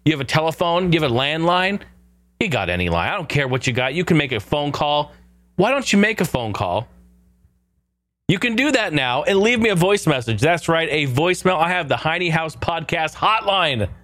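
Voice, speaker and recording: A man's voice: fairly high pitch, moderate pace, no room sound. A male podcast host talking in a loose, joking style, his voice climbing and falling a lot. The sound is dry and close, with no room around it. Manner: animated, jokey, swears casually. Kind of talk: casual podcast chat.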